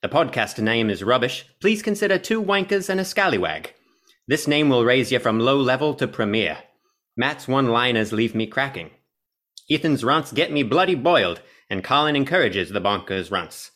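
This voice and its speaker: Brief: an American man doing a cheeky British bloke reading a review, clumsy accent, bouncy pitch. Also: expressive, moderate pace, fairly bright tone, lightly acted. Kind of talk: reading a review aloud in a put-on voice.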